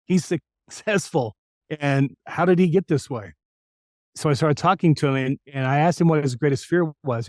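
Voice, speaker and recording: A middle-aged man recalls his career in a relaxed interview, lively and quick to drop into other voices. His voice sits at an ordinary pitch. The recording is close and dry, with no room sound. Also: no room sound. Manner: animated, slips into impressions of other voices. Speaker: voice actor guest. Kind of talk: casual interview storytelling.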